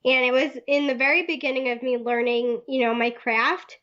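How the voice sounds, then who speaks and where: A woman's voice: high voice, normal speed, muffled recording. A woman shop owner telling stories in a casual interview, laughing often and acting out the voices of the people she quotes. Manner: lively storyteller, laughs often. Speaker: Etsy shop owner, guest.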